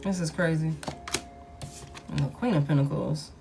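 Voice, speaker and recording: A woman's voice: deep voice, normal speed, gravelly, mellow, soft background music. A woman giving a casual collective tarot reading, blunt and profane, who repeats her points for emphasis. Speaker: tarot reader.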